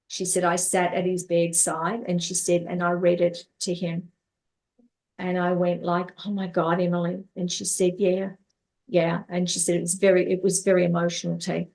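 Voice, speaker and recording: A woman's voice: lowish voice, gravelly, darkish tone. A woman life coach telling stories from her life in an interview, repeating words and acting out what others said. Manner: repeats words, acts out quoted dialogue. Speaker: life coach and therapist guest. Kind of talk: storytelling in an interview.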